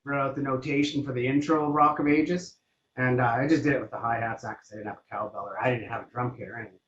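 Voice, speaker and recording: A man's voice: medium pitch, fairly even intonation, fast, a bit bright. A man in his fifties, a guest drummer telling his story casually, with many fillers. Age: 50s. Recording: roomy, dull sound, faint noise.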